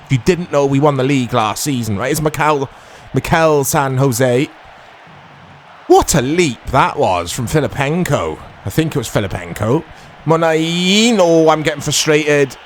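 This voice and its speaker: A man in his thirties casually commentating his own football video game, chatty and quick to get excited. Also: a little high, a little hiss or hum. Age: 30s. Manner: chatty, easily excitable, self-deprecating. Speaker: gaming YouTuber.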